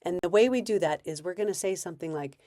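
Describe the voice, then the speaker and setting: Low-voiced woman giving parenting advice. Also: fast talker, warm tone. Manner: conversational, acts out parent and child lines. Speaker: parenting coach.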